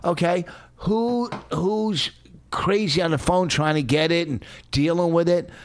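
A middle-aged man co-hosting a casual podcast with his wife, his voice pitched a bit high for a man. He needles her with playful, mock-exasperated complaints. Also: unhurried, a little hiss or hum. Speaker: podcast co-host. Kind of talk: casual bickering chat.

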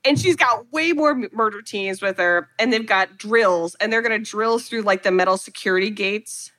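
A woman co-hosting a casual chat, recapping a film with animated storytelling and acted-out quotes. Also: medium pitch, moderate pace. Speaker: podcast co-host recapping a film.

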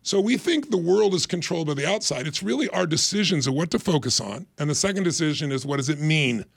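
A man's voice: on the high side, expressive, fast talker, creaky, slightly rough, dry recording. A middle-aged man on a podcast explaining ideas emphatically and acting out little quoted voices. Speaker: guest, life strategist. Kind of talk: motivational explanation in interview.

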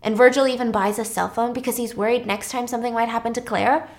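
A woman's voice: on the high side, quick pace. A woman casually retelling a film plot, animatedly acting out the characters' lines. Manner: animated, acts out characters' lines in quoted voices. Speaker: storyteller recapping a film.

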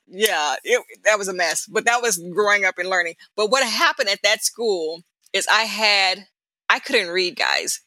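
As an interview guest, a middle-aged woman chattily relives her childhood for her hosts, laughing and performing the voices of characters in her story with animation. Her bright, forceful voice is mid-range at normal speed, and the audio is dry, close, free of room sound, and poor.

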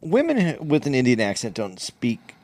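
A man's voice: medium pitch, wildly swooping pitch, normal speed, a little mellow. A man co-hosting a casual movie chat, easygoing and full of questions. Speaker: podcast co-host.

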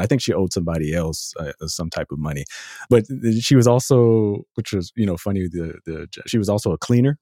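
A man's voice: low-pitched, animated, a little fast, mellow, dry recording, studio quality. A man talking casually on a podcast about a book, rambling and correcting himself as he goes. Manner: rambling, self-correcting, laughs often. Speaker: podcast guest, author.

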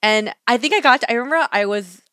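A young woman co-hosting a podcast talks fast in a slightly high voice, telling a story in casual chat. She's animated and acts out the quotes, and the recording is dry and studio quality.

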